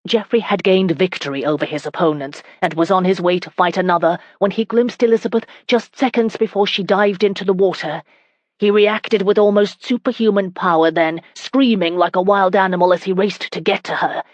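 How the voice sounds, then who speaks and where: A woman narrating a historical romance audiobook in a steady, even reading. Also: medium pitch, brisk, no echo, dull audio. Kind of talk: scripted narration.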